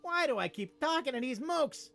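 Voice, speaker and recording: A brash New Jersey cultist. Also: male voice, extremely high pitch, expressive, moderate pace, creaky, fairly bright tone, exaggerated voice. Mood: gossipy. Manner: brash, boastful and conspiratorial. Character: paranoid gossiping male fish-cult member. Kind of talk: video game voice acting. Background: faint game music.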